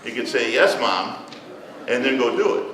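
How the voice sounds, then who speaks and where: A man's voice: medium pitch, lively intonation, fast. Man telling children a story in an echoey church. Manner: gentle storytelling to children, asking questions. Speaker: church children's message leader. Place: large church hall. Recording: echoey hall, mic far off, room noise.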